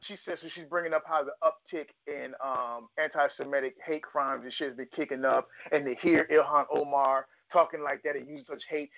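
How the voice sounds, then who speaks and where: A man rants in a heated, profane podcast chat and circles back to the same points again and again. His voice sits fairly high and dry. The audio is thin and phone-like. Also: fairly even intonation, fairly quick, gravelly, hardly any pauses, no echo. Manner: ranting, profane, repeats himself. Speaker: podcast co-host.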